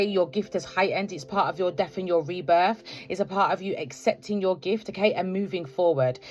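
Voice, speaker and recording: A woman giving a spiritual tarot reading to viewers, ending almost every phrase with "okay? right?" and calling them "collective". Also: lowish voice. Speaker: tarot card reader.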